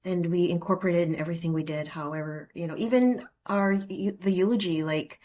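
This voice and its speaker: Guest sister, woman, relaxed and chatty, slightly low pitch. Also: fairly quick. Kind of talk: casual podcast interview.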